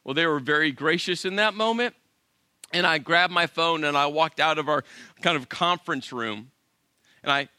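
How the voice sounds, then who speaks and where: Middle-aged male pastor, lively sermon storyteller who voices every part of the dialogue. Bright, forceful tone, slightly high for a man, dry close sound. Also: no room sound. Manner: animated, acts out both sides of dialogue, self-deprecating humor.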